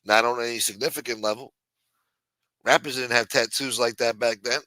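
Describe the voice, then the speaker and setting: A man's voice: medium pitch, fairly even intonation, normal speed, bright, forceful tone, no echo, low-quality recording. A man hosting a late-night talk show, ranting bluntly with lots of profanity. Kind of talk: casual talk-show rant.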